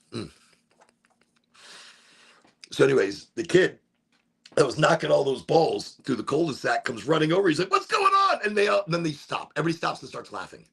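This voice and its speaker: A middle-aged man from Chicago telling a rambling story on a live stream, animated and swearing, with sudden shouts when he acts out voices. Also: mid-range voice. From Chicago, USA. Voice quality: gravelly and husky. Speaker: streamer hosting a smoke session.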